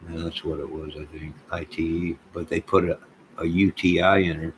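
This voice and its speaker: A man hosting a livestream, rambling and joking in a deadpan way as he talks to viewers in chat. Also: low-pitched, normal speed, slight background noise, rough recording. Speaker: livestream host.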